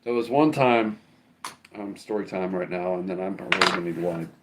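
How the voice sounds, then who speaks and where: A man with a somewhat low voice spins a long, wandering story for his livestream viewers. He talks loosely, with plenty of swearing and many asides. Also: brisk, a little hiss or hum. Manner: rambling, profane, loose and conversational. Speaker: livestream host. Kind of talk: casual storytelling to a live chat.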